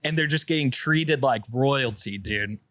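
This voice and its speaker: A man's voice: medium pitch, fairly bright tone, no echo. A man co-hosting a casual podcast, bantering in a laid-back way. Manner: laid-back banter, quick reactions and laughs. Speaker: podcast co-host.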